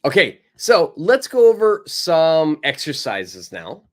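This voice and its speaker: Man, English teacher, lively, unhurried, reads example dialogues. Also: a little high. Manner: lively, greets viewers by name, reads example dialogues aloud. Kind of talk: online English lesson.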